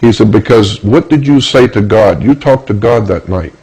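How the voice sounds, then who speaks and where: A man from Florida telling a personal story in the first person, halting and repeating words as he searches for them. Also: on the low side, animated, dark tone, husky, rough recording. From Florida, USA. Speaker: storyteller recounting a personal experience.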